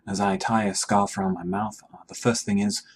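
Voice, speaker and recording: A man voicing a steady female wartime rescue worker in a put-on British accent. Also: on the low side, a little fast, slightly rough. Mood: resolute. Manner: plays in character through the moves.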